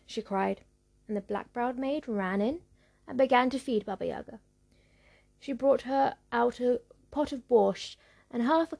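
A woman narrating a folktale in a measured, rhythmic storybook reading. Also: fairly high pitch, creaky, mellow.

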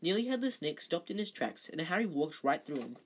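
Reading a novel aloud in a casual way, an amateur occasionally slips and goes back to fix it. Their husky, mid-range voice moves fairly quickly and swings widely in pitch.

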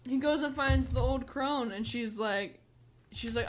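Young woman co-host, bit high voice, animated casual recap. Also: normal speed. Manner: animated retelling with laughing asides. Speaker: podcast co-host. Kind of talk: casual chat reviewing a movie.

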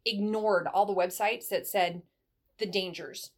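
Animated middle-aged woman telling stories. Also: medium pitch, unhurried. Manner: animated storyteller, acts out dialogue in a brighter voice. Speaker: guest, former military first sergeant. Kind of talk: conversational advice in an interview.

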